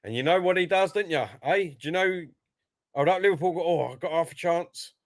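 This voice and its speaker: Man, high voice, excitable match commentary, dry close sound. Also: brisk, no echo. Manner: excitable, jumps up in pitch when play gets lively. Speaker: co-host giving match commentary. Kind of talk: casual live match commentary and chat.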